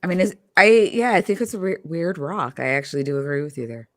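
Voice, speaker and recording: A woman with a low voice hosts a stream, with speech that swings up and down a lot. She is blunt and teasing, with crude jokes. The sound is dry and close, with no room around it. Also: lively intonation, fast, no echo. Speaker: stream host. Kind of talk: casual chat.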